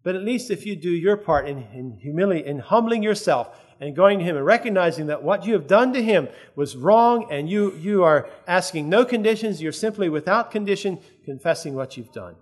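A man's voice: sits high, lively intonation, brisk, few pauses. A man preaching a sermon in an earnest, conversational way, often checking that his listeners follow.

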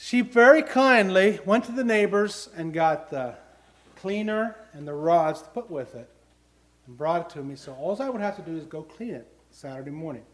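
A middle-aged man preaches a sermon in a higher-than-usual voice. He tells homely personal stories earnestly and builds to emphatic questions for his listeners. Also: lively intonation, moderate pace.

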